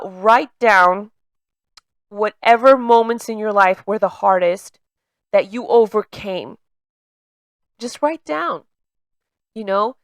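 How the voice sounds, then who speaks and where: A woman's voice: mid-range voice, dry recording. A woman coaching in a casual talk, with a slight stutter that makes her repeat words mid-sentence. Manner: conversational, many fillers like "you know" and "like". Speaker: emotional intelligence coach.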